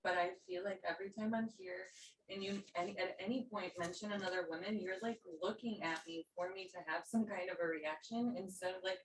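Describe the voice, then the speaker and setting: A woman's voice: fairly low pitch, fairly even intonation, fairly quick, distant mic, a little hiss or hum. A woman student who speaks in an anxious, apologetic and defensive way. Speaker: student in a lecture. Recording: roomy, away from the mic.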